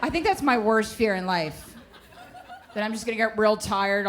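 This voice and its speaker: A woman doing stand-up comedy with brash, deadpan storytelling on a club stage mic. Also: medium pitch. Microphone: handheld stage mic. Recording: noisy live stage recording. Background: audience laughter.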